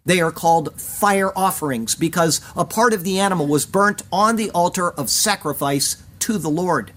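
A man with a slightly higher voice gives an earnest, emphatic verse-by-verse Bible commentary. He reads out Hebrew phrases and stresses them as he explains the text. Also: normal speed, fairly bright tone. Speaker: Bible teacher.

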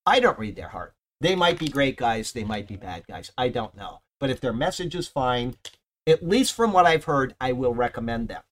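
A man's voice: mid-range voice, sing-song, normal speed. A man preaching a sermon to a small church congregation in an earnest, conversational way, stressing his key points with more force, then closing in prayer. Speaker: pastor.

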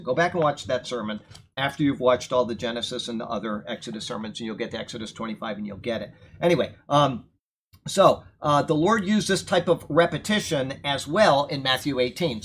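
A man's voice: mid-range voice, slight background noise. A man teaching a verse-by-verse sermon, explaining scripture in a conversational, emphatic way and checking in with his listeners. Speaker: preacher teaching from Bible.

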